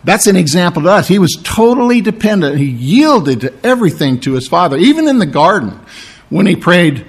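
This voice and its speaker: A man preaching a sermon, teaching through a Bible passage. His voice is strained, he clears his throat often, and he keeps checking in with "okay?" and "all right?". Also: high voice, big pitch swings, brisk. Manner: explanatory, asks "okay?" and "all right?" for agreement. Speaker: pastor.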